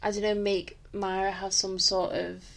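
A young woman co-hosting a true-crime podcast, chatting casually in an even tone. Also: medium pitch, normal speed, vocal fry. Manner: flat-toned, conversational, uses "innit" and "like". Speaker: podcast co-host.

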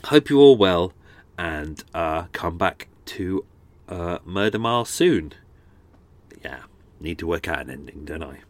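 A man's voice: deep voice, expressive, a little slow, no room sound. A man hosting a true crime podcast, rambling casually with many fillers and restarts. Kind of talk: casual chatty outro.

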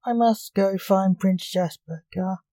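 A sad, lovesick young prince from a storybook, as a woman reads him. The lines are quiet and subdued, slow, with a mellow, dark tone. The sound is close and dry. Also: medium pitch, steady tone, dry recording, natural voice, poor audio. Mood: gloomy.

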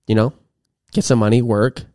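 A man's voice: medium pitch, fairly even intonation, moderate pace, darkish tone, dry recording, studio quality. A young man co-hosting a podcast, talking casually in a rambling way with many restarts. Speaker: podcast co-host. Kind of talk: casual chat.

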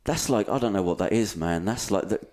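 A man's voice: on the low side, lively intonation, brisk, darkish tone. A man, co-hosting a casual podcast chat, rambling and swearing freely and poking fun at himself. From England. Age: 30s. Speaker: podcast co-host.

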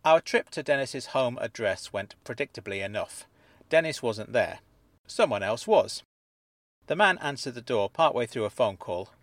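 A man narrates a first-person audio story, earnest and measured. He sits close to a studio mic with a mid-range voice and dry, dead sound with no room echo. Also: medium pitch, expressive.

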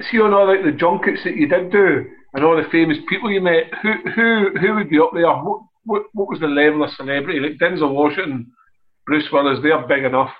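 A male host throws out curious, rambling questions between restarts. His voice sits a little high and comes through thin and tinny, like a phone line. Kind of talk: casual interview questions.

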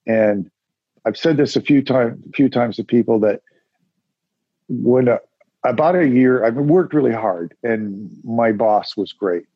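An interview guest who is a musician and onetime radio announcer tells wandering, casual stories, acting out the voices of people he quotes. He speaks unhurriedly at medium pitch, and the recording has no room sound and cut-off highs.

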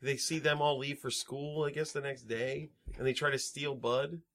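A man's voice: mid-range voice, fairly even intonation, moderate pace, fairly bright tone. A man co-hosting a podcast, casually recapping a movie plot in a rambling, profane way and often correcting himself. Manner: rambling, swearing, backtracking. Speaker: podcast co-host.

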